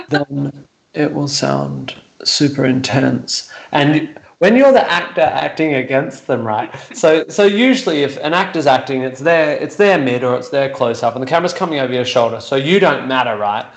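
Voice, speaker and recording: A man's voice: mid-range voice, creaky, reverberant. A man chatting casually on a video call about acting and writing, rambling and correcting himself as he acts out quotes. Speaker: guest actor and writer.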